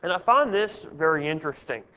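A man's voice: a little high, animated, brisk, sharp tone, clear, resonant tone, long reverb tail. A man leading a Bible study, earnest and asking his group questions.

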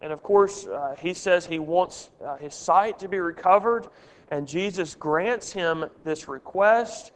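A man's voice: high voice, measured pace, big-room sound. A man leading a Bible study, earnest and asking his group questions.

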